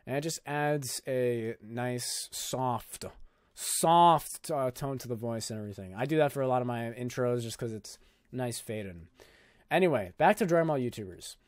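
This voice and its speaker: A man's voice: medium pitch, moderate pace, no room sound. A young man hosting a casual screen-recorded video editing tutorial, talking in a loose, jokey, filler-heavy way. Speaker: YouTube tutorial host.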